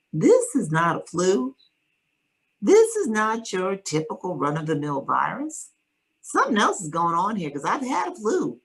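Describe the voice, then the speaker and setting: A woman speaks in a low, gravelly register with a husky edge to her voice. She is an interview guest, recounting a personal story in a calm, reflective way. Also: rough recording.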